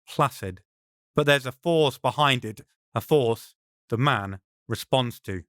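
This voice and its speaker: A man's voice: medium pitch, slow pace, fairly bright tone, no room sound, studio quality. A man, the author, reading his own novel aloud in dramatic, tense first-person audiobook narration.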